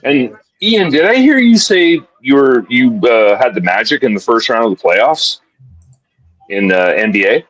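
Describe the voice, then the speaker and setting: A man on a live hockey betting show, chatting casually and excitably, often repeating his words as he starts a thought. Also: medium pitch, measured pace, dry recording, low-quality recording. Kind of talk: casual live-stream chat.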